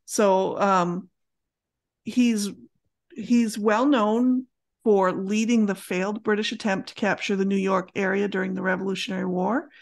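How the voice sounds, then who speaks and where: A middle-aged woman co-hosting a family history podcast, talking in a relaxed, meandering way with many fillers. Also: mid-range voice, unhurried. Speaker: podcast co-host. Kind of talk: casual chat.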